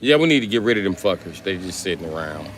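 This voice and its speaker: A man's voice: low voice, big pitch swings, quick pace, noisy background. Profane man riffing on a stream. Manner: profane, riffing, jumps in and out of voices. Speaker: comedian streamer. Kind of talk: profane comedic riffing on a livestream.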